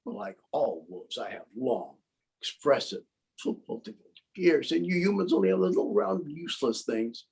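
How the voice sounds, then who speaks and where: A man telling a story in the first person as the wolf, with an aggrieved, put-upon tone and lively character voices, recorded on a video call. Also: a little high, moderate pace, husky.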